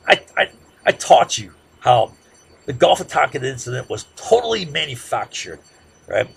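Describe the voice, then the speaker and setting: A man giving a classroom lecture in a conversational way, often checking in with "right?" and growing loud and heated as he makes his points. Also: medium pitch, sing-song, moderate pace, vocal fry, a little hiss or hum. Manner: conversational, peppers sentences with "right?"; gets loud and heated when making a point.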